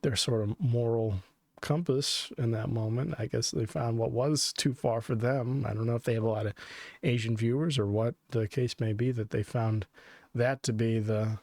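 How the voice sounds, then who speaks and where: A male podcast co-host, midrange in pitch, talks in loose, wandering stretches with a sarcastic edge and frequent laughter. The sound is dry and close, with no room around it. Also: fairly even intonation, normal speed, darkish tone, no room sound. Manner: rambling, sarcastic, laughs often. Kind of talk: casual chat.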